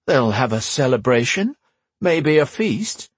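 A man's voice: sing-song, a little slow, breathy edge, dry recording. A man voicing a whiny, eager fourteen-year-old boy who pushes to be included. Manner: high pleading whine.

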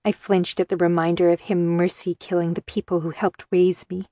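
A woman narrating a first-person novel in a measured, earnest way. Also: on the low side, flat delivery, warm tone, no echo, studio quality. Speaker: audiobook narrator.

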